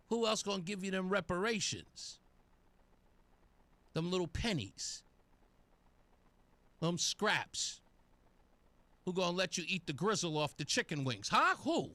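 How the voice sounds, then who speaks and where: Mocking, animated male radio host. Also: high voice, vocal fry, no echo. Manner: taunting, sarcastic, mocking. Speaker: radio talk show host. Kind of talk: talk radio monologue.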